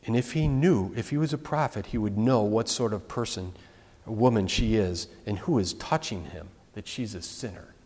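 Speaking at normal speed in a low, darkish voice, a man delivers a conversational sermon. It's full of restarts, side remarks and questions aimed at the congregation, and a big hall gives it a long reverb.

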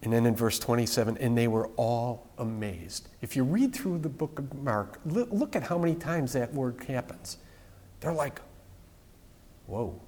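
A male pastor giving an informal, conversational sermon with animated asides. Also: mid-range voice, normal speed, few pauses. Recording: long reverb from a large hall.

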